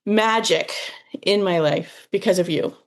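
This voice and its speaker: Effusive woman guest, slow and heartfelt. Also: lowish voice. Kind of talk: casual chat.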